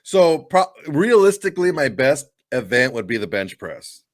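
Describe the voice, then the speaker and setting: A man's voice: medium pitch, big pitch swings, moderate pace, no echo, studio quality. A man co-hosting a podcast, chatting casually and telling joking stories. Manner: joking storyteller, puts on silly voices in anecdotes. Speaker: podcast co-host. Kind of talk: casual chat.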